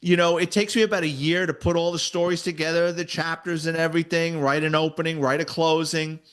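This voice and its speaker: A man, a retired detective and author, telling stories in a casual interview, animated and salty. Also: fairly high pitch, fairly quick, smooth. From New York City. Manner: animated storyteller, voices quoted people, swears casually.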